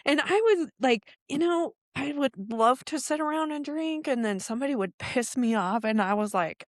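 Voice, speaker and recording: A woman's voice: high-pitched, lively intonation, normal speed, no room sound, studio quality. A woman in her forties, a podcast guest, telling her story in casual chat, candid and emotional, acting out the voices of people she quotes.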